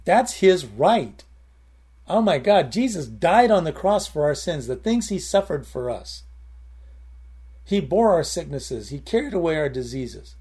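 A man's voice: on the high side, big pitch swings, measured pace, darkish tone, breathy edge. A man preaching a sermon in a conversational way, repeating key phrases and breaking into short prayers. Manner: conversational, with prayers and emphatic repetition.

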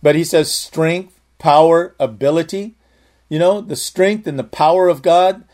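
A man's voice: fairly high pitch, unhurried, darkish tone. Earnest man preaching a testimony. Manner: earnest storytelling, frequent restarts. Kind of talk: sermon with personal testimony.

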